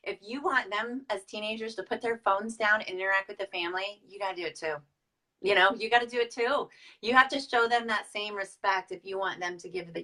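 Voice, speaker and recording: A woman's voice: medium pitch, bright, forceful tone, distant mic, poor audio. A woman in her thirties giving casual business and family tips, chatty, with many fillers and restarts. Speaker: Tupperware director. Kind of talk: casual business advice talk.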